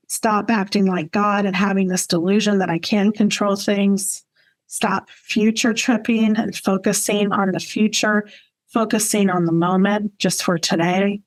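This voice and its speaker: A middle-aged woman sharing her recovery story in a personal testimony talk, earnest and reflective, often repeating phrases for emphasis. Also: medium pitch.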